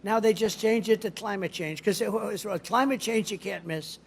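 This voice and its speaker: A man's voice: sits high, moderate pace, gravelly, husky. A man giving a rally speech in a rambling, boastful, digressive way. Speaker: politician addressing a rally.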